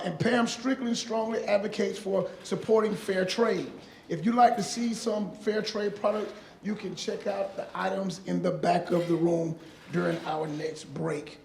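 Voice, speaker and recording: A woman's voice: medium pitch, creaky, darkish tone. Chatty woman introducing speakers. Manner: casual, chatty, addresses audience as y'all. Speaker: conference moderator. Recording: echoey room with faint noise.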